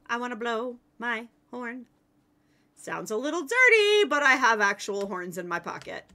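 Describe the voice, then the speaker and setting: A woman streaming a game live, chatting playfully with viewers and teammates, excitable and given to yelling. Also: a little high, moderate pace. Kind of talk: casual live-stream chat while playing.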